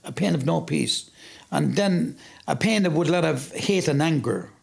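A middle-aged Irish man tells his story with a deeply gravelly, husky voice. He brings the tale to life, acting out what each person said. His delivery stays personal and direct throughout. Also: animated, moderate pace. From Ireland. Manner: vivid storytelling, acts out quoted talk. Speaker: interviewee. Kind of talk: personal testimony.

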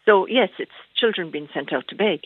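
A woman's voice: mid-range voice, expressive, moderate pace, dry recording. An Irish woman calling in to a radio phone-in, talking hesitantly with many fillers and restarts. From Ireland. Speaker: caller. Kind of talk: phone-in call. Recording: tinny phone line.

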